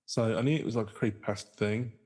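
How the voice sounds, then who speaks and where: A man's voice: on the low side, fairly even intonation, fast, a little mellow, husky. A man co-hosting a podcast in casual chat, rambling loosely and correcting himself as he goes. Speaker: podcast co-host.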